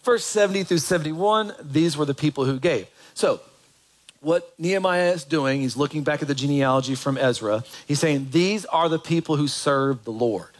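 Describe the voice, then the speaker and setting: A man preaching a sermon with a slightly high voice. He talks in a loose, conversational way and keeps putting questions to the congregation. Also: normal speed, low-quality recording. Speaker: pastor.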